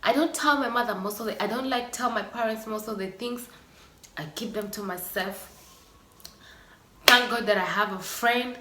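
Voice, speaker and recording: A woman's voice: fairly high pitch, normal speed, bright, forceful tone, slight background noise. A woman vlogger talking earnestly and emotionally to her viewers, sighing now and then. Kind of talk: personal vlog monologue. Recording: echoey room.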